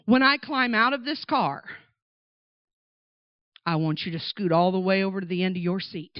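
A woman voicing a gentle middle-aged father who slowly and steadily reassures his frightened child. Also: medium pitch, no echo, pitched below the performer's own voice, lightly acted. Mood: firm, calming. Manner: soothing, slow and steady. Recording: dull dry recording.

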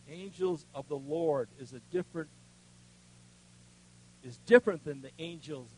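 An older man preaching, telling a personal story in a folksy way, dropping to a hush and then rising loud. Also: on the high side, slightly rough, rough recording. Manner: folksy storytelling with strong swings between hushed and loud. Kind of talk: sermon with personal testimony.

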